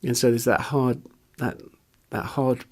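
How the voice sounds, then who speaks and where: A man's voice: mid-range voice, steady tone, unhurried, darkish tone. A man, a musician, speaking in a candid interview, hesitant and searching for words, openly earnest and emotional.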